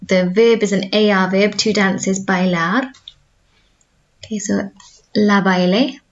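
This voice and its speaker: A woman's voice: medium pitch, steady tone, measured pace, dull audio. A woman with a Welsh accent who teaches school languages, giving a recorded video lesson and explaining patiently, modelling each word more than once. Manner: clear, patient explaining with repeated model words.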